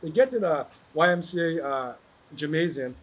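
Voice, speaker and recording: A man who teaches martial arts tells a story in a relaxed conversation, acting out each person as he goes. His voice sits a bit high and has a husky edge. He laughs often as he talks. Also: moderate pace. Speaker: martial arts instructor, guest. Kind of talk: casual storytelling chat.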